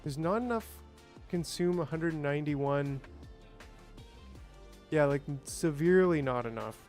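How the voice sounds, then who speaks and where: A man's voice: fairly high pitch, animated, a little slow, darkish tone, faint music behind. A man streaming a game, chatting casually and thinking aloud, with playful sound effects. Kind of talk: casual gameplay livestream chat.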